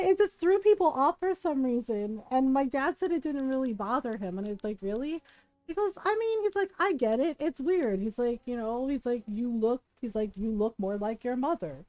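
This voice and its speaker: A woman streamer from the United States telling a family story in casual, animated chat while she plays, laughing often and checking in with "right?". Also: high-pitched, no room sound, poor audio. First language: bilingual in Tagalog.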